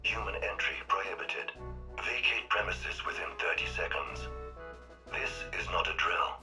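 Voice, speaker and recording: A man voicing a stern male security robot that makes flat, commanding warnings. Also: low voice, a little slow, faint music behind, exaggerated voice. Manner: flat, commanding alarm announcements.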